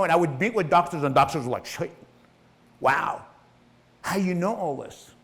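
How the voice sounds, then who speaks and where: A middle-aged man speaks on stage in a motivational talk, with a voice pitched a little above the usual. He is blunt and swears freely, and he acts out the lines of the people in his story.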